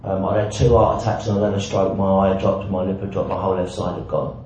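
Blunt man in a booming hall. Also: flat delivery, quick pace, a little mellow, a little hiss or hum. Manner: frank, blunt and self-mocking, with swearing and repeated "right?". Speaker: recovering alcoholic sharing his story. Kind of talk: personal recovery talk with self-mocking humour. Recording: very echoey, dull hall recording.

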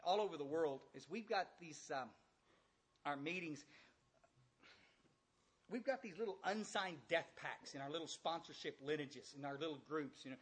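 Husky, blunt older man with a drawl. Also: fairly high pitch, moderate pace, long pauses. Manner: folksy, blunt, with frequent repetitions and direct questions to the audience. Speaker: recovery speaker. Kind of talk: recovery talk to a large audience. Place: large room with a few hundred listeners.

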